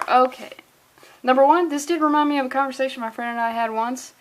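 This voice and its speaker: A woman's voice: sits high, steady tone, fast talker, slight background noise, poor audio. A woman reading a comic aloud for laughs, with sarcastic, incredulous running commentary, often laughing through her words. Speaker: comic reviewer. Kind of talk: comedic comic-book reading.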